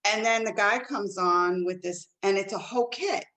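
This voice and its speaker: A woman co-hosting a casual chat show, telling stories in an animated way with big jumps in pitch. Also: normal speed, poor audio. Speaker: co-host.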